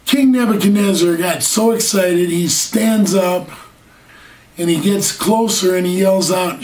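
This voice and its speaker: Recorded from a distance in an echoey room, a man with a high-sitting, unhurried voice delivers an earnest sermon. He stretches out important words and asks rhetorical questions.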